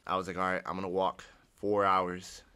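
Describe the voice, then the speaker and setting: This young man from Ohio, United States, has a low, smooth voice with a sharp tone and a completely flat delivery at normal speed. Telling his personal testimony, he rambles, restarts sentences, and acts out what he used to say.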